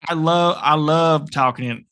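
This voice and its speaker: A man's voice: fairly high pitch, a little slow, a bit bright, clear, resonant tone. A man putting on a Southern accent as a folksy, drawling commentator during a live game reaction stream. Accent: put-on American Southern.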